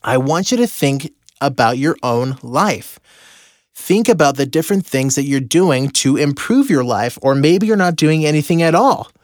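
A man telling a personal story as a motivational mentor, animated and acting out the voices of the people in it. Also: on the high side, moderate pace, no echo, clean studio sound.

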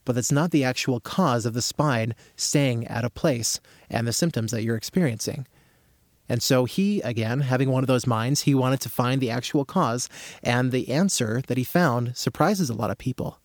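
A man explaining his therapy method in a casual talk, acting out little scenes with growing excitement. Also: medium pitch, normal speed, no echo, studio quality. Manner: animated storyteller, acts out scenes with rising excitement.

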